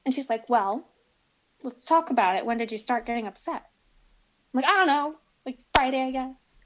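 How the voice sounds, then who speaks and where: A woman telling stories in casual podcast chat, animated and acting out the people in them. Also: high voice, normal speed, slight background noise, poor audio.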